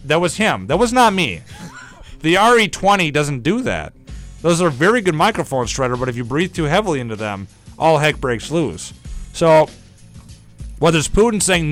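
A man's voice: a little high, very animated, brisk, a bit bright, soft background music. A man hosting a casual, jokey news chat on a radio show, rambling between stories. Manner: rambling, jokey, breaks into mock singing.

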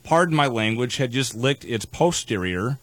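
A man's voice: mid-range voice, lively intonation, normal speed, no echo. A man hosting a live radio show in a studio, talking in a wordy, playfully pompous way with casual banter.

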